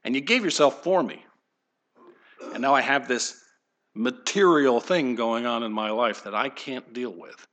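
A man's voice: mid-range voice, unhurried, fairly bright tone. A middle-aged man, a pastor, giving a conversational sermon and putting questions straight to his congregation. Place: church sanctuary.

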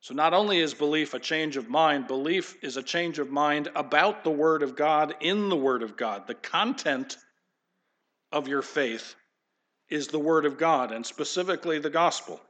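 A man's voice: fairly high pitch, normal speed, a bit bright. A man preaching a sermon as pastor, swinging between punchy declarations and casual conversational asides.

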